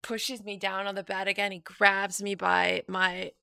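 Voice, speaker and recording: A woman's voice: mid-range voice, flat delivery, a little slow, gravelly, pushed and bright, clear, resonant tone, no room sound, studio quality. A young woman telling a personal story as a guest in a casual chat. She laughs often and acts out what people said.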